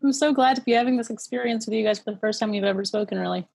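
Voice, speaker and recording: A woman with a slightly high voice joins a podcast as a guest over a video call. She teases the hosts and laughs easily, with quick, playful remarks. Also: gravelly, a little mellow, slight background noise.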